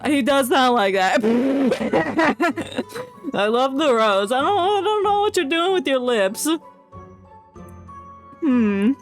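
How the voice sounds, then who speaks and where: A woman's voice: sits high, big pitch swings, slow pace, soft background music. A woman streamer chatting through a story game playthrough, giggly, scatterbrained and self-deprecating. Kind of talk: casual game playthrough chat.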